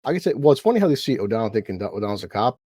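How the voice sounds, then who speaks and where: A man's voice: on the low side, sing-song, racing, mellow, no room sound, clean studio sound. A man hosting a casual show recap chat, rambling and swearing, acting out lines from scenes. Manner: rambling, profane, acts out scene quotes. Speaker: podcast host.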